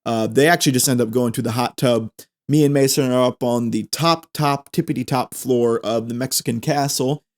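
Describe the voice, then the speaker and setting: A man's voice: mid-range voice, fairly even intonation, moderate pace. A male podcast host spins a comic tale in an ordinary mid-range voice. He rambles, stumbles over words and restarts them, and throws in jokey asides. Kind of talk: comedic storytelling.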